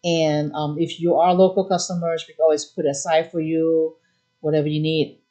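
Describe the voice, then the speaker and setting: A middle-aged woman runs a live craft demo, chatting quickly about the products in front of her. She talks in fast, eager bursts, trailing into fillers and restarts as she explains how each item works. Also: low voice, little pitch movement, warm tone, muffled recording. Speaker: craft shop host.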